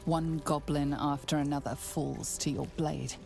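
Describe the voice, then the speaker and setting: A low, gravelly game narrator. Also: female voice, level tone, unhurried. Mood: ominous. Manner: low, hushed storytelling with whispered passages. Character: ominous female game narrator. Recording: narration over loud game music.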